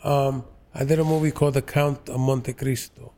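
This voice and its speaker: A man in his sixties from New York's Lower East Side, an actor telling stories in an interview, slow and halting with many fillers. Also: level tone, dark tone. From New York, Lower East Side. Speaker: actor, guest. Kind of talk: relaxed interview storytelling.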